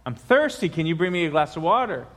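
A man's voice: fairly high pitch, big pitch swings, fast, fairly bright tone, in a large hall. A man voicing a small boy who keeps calling for a glass of water at bedtime, in a joke told during a sermon. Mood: pleading.

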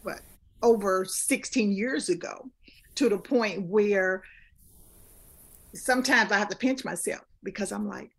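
Earnest woman in her fifties, gravelly edge. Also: medium pitch, measured pace, long pauses. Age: 50s. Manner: earnest, repeats phrases for emphasis. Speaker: guest speaker and life coach. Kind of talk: casual interview talk.

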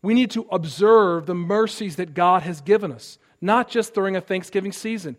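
Male pastor, high voice, earnest sermon delivery with rising emphasis. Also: moderate pace, hardly any pauses. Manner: earnest preaching, reads scripture aloud with rising emphasis.

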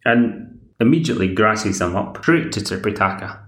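A man's voice: lowish voice, animated, moderate pace, fairly bright tone. A Scottish man hosting a podcast, recapping a TV episode in a chatty, rambling way with wry asides. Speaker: podcast host. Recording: echoey room.

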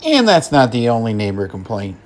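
A man hosting a podcast, recapping a film in an easygoing way, chuckling and filling pauses as he goes. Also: mid-range voice, huge pitch swings. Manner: slow and chuckling, with fillers. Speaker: podcast host.

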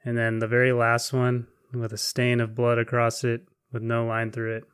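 A man narrating a tabletop role-playing game as game master, with gentle, unhurried descriptions. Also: medium pitch, completely flat delivery, smooth, no room sound, clean studio sound.

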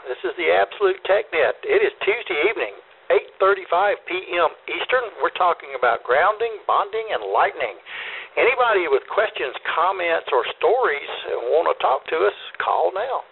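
A man's voice: high-pitched, very animated, moderate pace, gravelly, breathy edge. A man hosting an amateur radio call-in net, folksy and reassuring as he explains things to callers. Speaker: net control host. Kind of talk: ham radio net talk. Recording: phone-like radio audio.

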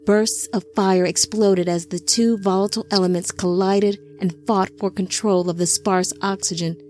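Woman narrating a dark fantasy audiobook. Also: medium pitch, fairly even intonation, normal speed, soft background music. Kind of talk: scripted narration.

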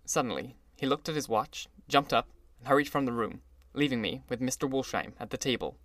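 A man narrating an audiobook in a measured storytelling voice. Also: mid-range voice, a bit bright, no echo. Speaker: audiobook reader. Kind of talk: scripted narration.

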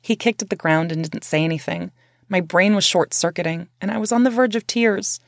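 A woman narrates her own memoir in a candid, conversational voice with casual swearing. Her pitch is an ordinary middle register. The recording is close and dry. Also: a little fast, dry recording.

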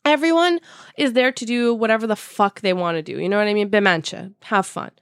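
A young woman hosting a podcast, telling a story in a casual, animated way with lots of swearing and laughter, and dropping Persian words in. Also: medium pitch, brisk, no echo, studio quality. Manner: animated, profane, laughs often. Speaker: podcast host.

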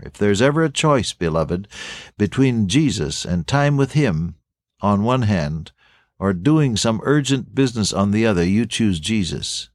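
A man preaching a sermon in an earnest way, slowing down to stress key phrases and swinging his voice up and down. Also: fairly low pitch, animated, darkish tone, no room sound, studio quality. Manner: earnest, rising and falling emphasis, slow stress on key phrases.

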